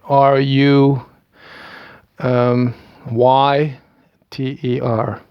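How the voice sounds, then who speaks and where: A man from the Netherlands in his thirties, a video maker with a Dutch accent, draws out his words in a flat, mid-range voice that's clear and resonant. His self-recorded monologue rambles hesitantly, full of stammered restarts and small chuckles. The recording is dry and the highs are cut off.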